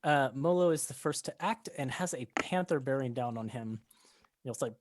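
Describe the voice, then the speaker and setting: A man's voice: mid-range voice, normal speed, dry recording, clean studio sound. A man narrating as game master of a tabletop game, describing scenes with many ums and restarts.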